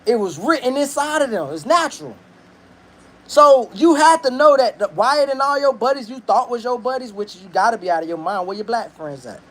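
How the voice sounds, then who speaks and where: A man's voice: very high voice, expressive, a little fast. A man telling a story in a casual, rambling, slang-heavy commentary, swearing freely while he cooks in his kitchen. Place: kitchen, cooking while talking.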